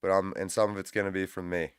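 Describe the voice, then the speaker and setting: A man hosting a livestream in loose, profane, casual chat, breaking into loud laughs. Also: low voice, little pitch movement, fast, clean tone, no room sound, clean studio sound. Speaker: livestream host.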